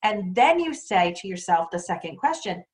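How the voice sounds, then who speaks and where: A woman's voice: mid-range voice, normal speed. A woman presenting a teacher training session, talking earnestly and animatedly with frequent rhetorical questions. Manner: earnest, animated, acts out quoted dialogue. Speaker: workshop presenter.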